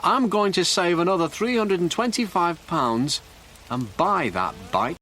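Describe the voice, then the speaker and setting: A man's voice: sits high, expressive, measured pace, pushed and bright, voice pushed up, full character voice. A man reading a storybook, voicing a cheeky, determined young man in a raised voice.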